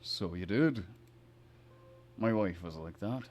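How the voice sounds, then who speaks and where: A man voicing a big, kindly male teacher with an attempted Scottish accent, speaking low and gently. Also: lively intonation, faint music behind. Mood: wistful. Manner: slow, low, gently conversational.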